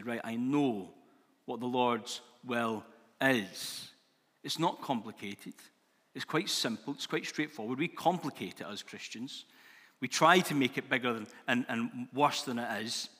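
A man's voice: medium pitch, unhurried, bright, forceful tone, husky. A man preaching a sermon in a church hall, earnest and emphatic, building in intensity as he goes. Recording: long hall reverb.

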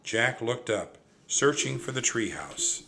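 An older man reading a children's chapter book aloud, with a gentle, reassuring manner. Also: medium pitch, lively intonation, takes it slowly, gravelly, a little hiss or hum. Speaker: storybook reader. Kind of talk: children's story read-aloud.

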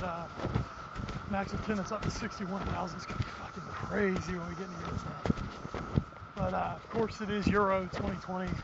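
A man co-hosting a sports podcast, out of breath and puffing as he walks uphill outdoors, recorded on a phone. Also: high voice. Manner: talks while walking uphill, puffing. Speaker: podcast co-host. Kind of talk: casual sports talk. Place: outdoors on rural hills. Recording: muffled phone audio with loud outdoor noise.

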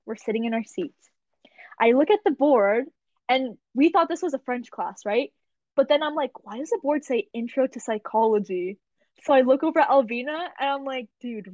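A young woman hosting a podcast, telling a story in a casual, animated way with frequent laughs and filler words. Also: sits high, no room sound. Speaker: podcast host. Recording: dull lo-fi dry recording.

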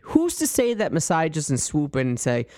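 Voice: medium pitch, huge pitch swings, moderate pace, a little mellow, no echo. An opinionated podcast host talks through a fan's worries in casual chat, with apologetic asides before emphatic points. The voice sits mid-range and sounds dry and close.

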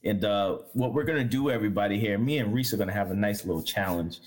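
A man's voice: on the low side, quick pace. A man hosting a casual sports chat, rambling with fillers and restarts and laughing often. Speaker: podcast host.

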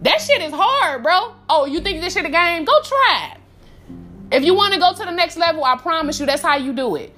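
A woman hosting a podcast, giving casual, profane, animated motivational advice with frequent laughs, calling the listener baby. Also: very high voice, normal speed, soft background music. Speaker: podcast host.

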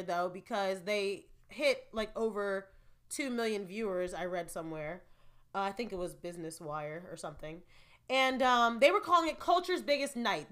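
A woman talks straight to her viewers in a casual, opinionated recap, laughing now and then as she goes. Her voice is bright and sits a little high. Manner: chatty, opinionated, laughing asides. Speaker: vlogger.

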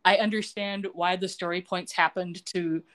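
A woman co-hosting a casual podcast, retelling scenes with animated, acted-out quotes. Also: lowish voice, moderate pace. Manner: animated storytelling, acts out quotes. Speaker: podcast co-host.

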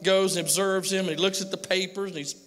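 Middle-aged man, bright tense tone, earnest testimony, repetitive storytelling. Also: high voice, fairly even intonation, fast talker, soft background music. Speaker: father giving a testimony to a pastor. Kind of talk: emotional personal testimony. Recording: long hall reverb.

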